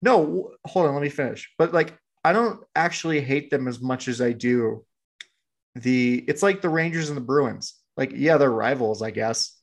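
Gravelly-voiced man in casual sports chat. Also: medium pitch, normal speed. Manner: laid-back, rambling. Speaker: podcast co-host.

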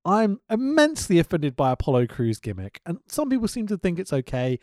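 In a studio-quality recording with no room sound, a man with a high voice talks a little fast while co-hosting a casual wrestling podcast. He rants animatedly, swearing a lot and sounding indignant.

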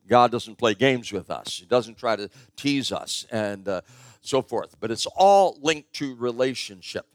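A man's voice: medium pitch, animated, unhurried, dry recording. An older man preaching a sermon in a conversational, storytelling way, stressing his key points. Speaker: pastor.

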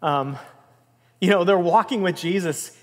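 A man preaching a sermon in an earnest, emphatic way, rising in intensity and dropping softly. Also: high voice, measured pace. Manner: earnest, emphatic, with swells of intensity and soft drops. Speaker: pastor. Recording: long reverb of a large room.

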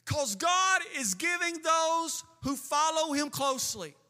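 A man preaches from the pulpit in a very bright, piercing voice, pressing out emphatic bursts between slow, drawn-out phrases. His words ring with the long reverb of a church sanctuary, and a band plays faintly behind him. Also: extremely high pitch, expressive, faint music behind. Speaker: pastor. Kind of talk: sermon.

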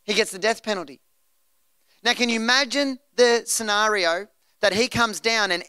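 A male pastor preaching a sermon in church, animated and acting out scenes. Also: high voice, normal speed, clean tone, no room sound. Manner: animated, acts out scenes in voices.

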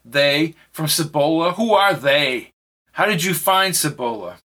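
Desperate beat-up family man, raised pitch, bright voice, as the male narrator does him. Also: lively intonation, unhurried, heavily acted. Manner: pleading, defiant.

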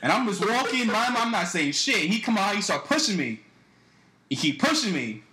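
Animated young man telling a story. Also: high voice, normal speed, echoey room, low-quality recording. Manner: animated, profane, acts out other people's lines. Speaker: podcast host. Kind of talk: casual storytelling.

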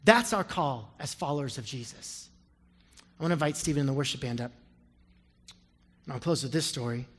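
A man preaching a sermon as pastor, telling a story and leading prayer, building from quiet storytelling to loud impassioned appeals. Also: mid-range voice, expressive, brisk, pauses often, in a large hall. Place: large church sanctuary.

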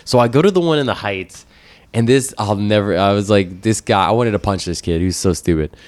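A man's voice: fairly low pitch, brisk, no echo. A man in casual chat, animatedly retelling a story and acting out the people in it. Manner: animated retelling, acts out voices.

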